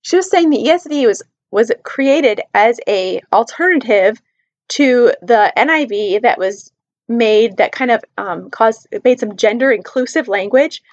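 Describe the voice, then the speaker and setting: Earnest high-voiced woman vlogging. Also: lively intonation, a little slow, lo-fi sound. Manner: earnest and emphatic, repeating points for stress. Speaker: Christian book reviewer. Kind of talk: casual personal vlog talk.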